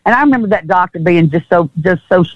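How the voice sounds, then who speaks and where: A woman's voice: lowish voice, expressive, fast talker, dry recording. Southern woman telling a story, lo-fi. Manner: earnest, acts out dialogue, repeats herself. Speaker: interview guest. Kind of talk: personal storytelling in an interview.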